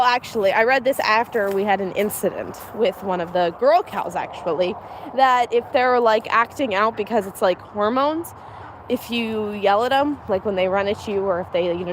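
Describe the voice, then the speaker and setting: A young woman chatting casually on a farm livestream, laughing often and talking to her animals outdoors. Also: medium pitch. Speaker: homestead livestreamer. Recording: faint outdoor noise.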